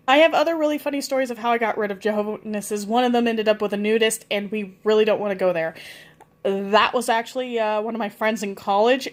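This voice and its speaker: A woman around forty telling funny stories in a casual, rambling way, with many fillers and laughter. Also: mid-range voice. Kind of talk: casual anecdotal storytelling.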